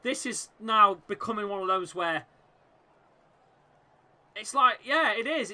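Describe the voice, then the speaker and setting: High, sharp-voiced excitable football fan. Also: male voice, a little slow, long pauses. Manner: excitable, shouting encouragement at the team; chatty, reacting and laughing at misses. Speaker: football fan watchalong host. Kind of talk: live fan match commentary.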